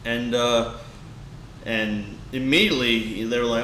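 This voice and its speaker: Young guy on a podcast, rambly emotional storyteller, bright voice, kinda echoey room w/ faint hiss. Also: medium pitch, unhurried. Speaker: podcast co-host. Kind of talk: casual podcast chat.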